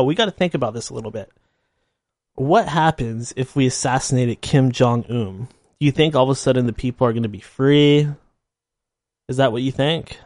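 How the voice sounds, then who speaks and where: A man's voice: mid-range voice, a little mellow, dry recording, clean studio sound. A man delivering a blunt, sarcastic opinion monologue full of rhetorical questions. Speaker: commentator.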